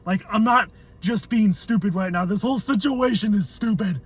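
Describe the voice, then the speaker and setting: A man's voice: high voice, normal speed, breathy edge. A man vlogging from his car in a waiting line, grumbling and swearing in irritated rants. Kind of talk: ranting car vlog.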